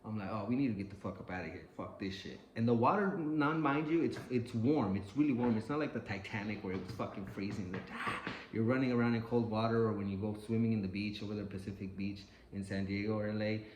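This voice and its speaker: A man's voice: lowish voice, quick pace. A man casually telling a personal story, swearing freely and acting out the voices of the people in it. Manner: animated, profane, acts out quoted voices. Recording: echoey room with faint ambient noise.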